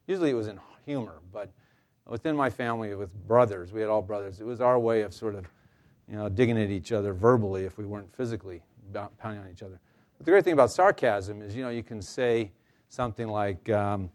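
A male counselor leads a staff workshop, speaking informally to a live audience with fillers and bits of light humor. His voice is on the low side and his pace is quick.

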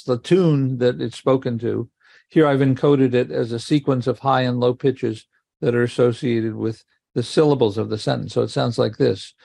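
Older man lecturing, gravelly voice. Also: medium pitch, dark tone, no echo. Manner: measured, explanatory, with occasional fillers and restarts. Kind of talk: academic lecture on linguistics.

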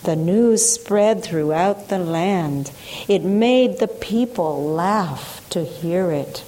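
Woman narrator, unhurried and mellow, reads a tale with hushed care. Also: lowish voice, rough recording. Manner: slow, hushed, measured delivery with voiced quotes. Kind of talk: storytelling reading.

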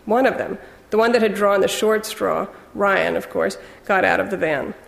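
Brief: wry, measured first-person audiobook narrator, woman, mid pitch. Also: creaky, big-room sound.

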